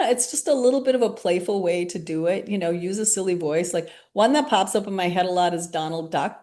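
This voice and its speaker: A woman leading a reflective group workshop, speaking gently and candidly, often with a laugh. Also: medium pitch. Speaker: workshop facilitator.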